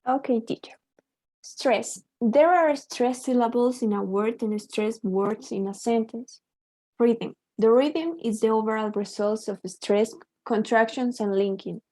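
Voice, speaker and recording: A woman's voice: fairly high pitch, measured pace, warm tone. A woman student in an online class, carefully reading a definition aloud.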